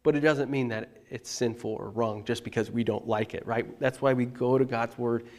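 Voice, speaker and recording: A male pastor preaching in a relaxed, conversational way, his voice at an ordinary middle pitch. He is animated and emphatic, often leaning on words for emphasis as he speaks directly to the congregation. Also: normal speed. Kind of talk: conversational sermon.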